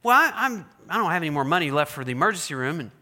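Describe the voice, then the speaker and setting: High, bright-voiced preacher in a hall. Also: male voice, very fast. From Oklahoma. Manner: animated storyteller, builds excitement then drops to earnest. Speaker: pastor. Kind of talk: sermon. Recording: long hall reverb.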